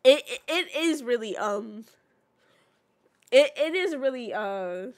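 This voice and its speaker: A woman's voice: fairly high pitch, expressive, takes it slowly. A woman streamer chatting casually while playing and reading signs aloud, often stumbling and restarting mid-sentence.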